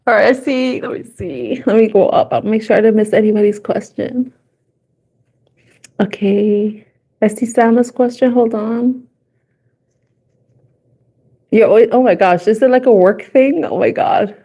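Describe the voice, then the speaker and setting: Woman, tarot reader, live-stream reading, slow unhurried talk, giggly, playful, repeats questions while shuffling, office. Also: on the high side, fairly even intonation, warm tone, husky. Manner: giggly and playful, laughs often.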